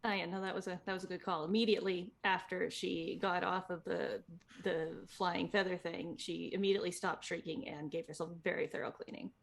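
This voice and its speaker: A woman's voice: fairly low pitch, fairly even intonation, brisk, vocal fry. A woman player describing her cat character's actions in a tabletop game, rambling with lots of fillers. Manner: rambling, hesitant with many fillers.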